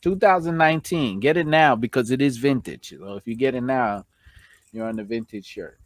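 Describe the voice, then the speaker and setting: A man's voice: medium pitch, normal speed, no echo. A man with a New York accent hosting a casual live stream, chatting and reading out viewer comments.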